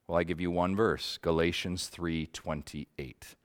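A man's voice: sits low, steady tone, unhurried, clean tone. A man teaching a Bible study group in a conversational way, earnest and passionate, often checking in with his listeners.

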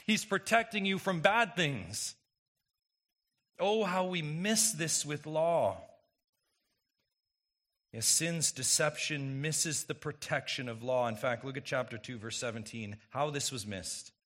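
A pastor delivers a sermon in a man's voice that sits on the high side, with a slow pace and a fairly bright tone. He is emphatic and fires rhetorical questions at the congregation.

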